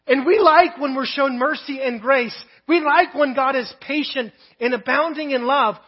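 A man preaching a sermon in church, telling a story and dropping soft and low on the words he wants to land. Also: slightly rough, muffled recording. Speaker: pastor. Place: church sanctuary.

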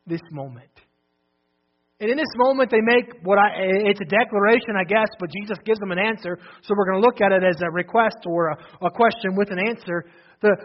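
Male pastor preaching, very high voice, big swings from loud to hushed, dull lo-fi sound. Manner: swings from loud declarations to hushed, low emphasis; repeats phrases, restarts often. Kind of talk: sermon.

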